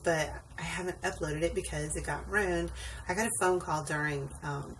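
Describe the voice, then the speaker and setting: Sitting on a wobbly stool at home late at night, a tired woman rideshare driver rambles through a story for a casual vlog, full of ums and asides. Her lowish voice holds a steady tone at normal speed. A distant mic picks up faint background noise.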